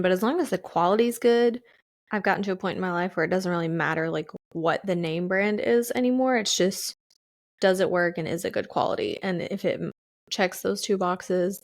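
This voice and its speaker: A woman's voice: lowish voice, creaky, dry recording, studio quality. A woman co-hosting a podcast in casual chat, laid-back and teasing, laughing easily. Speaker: podcast co-host.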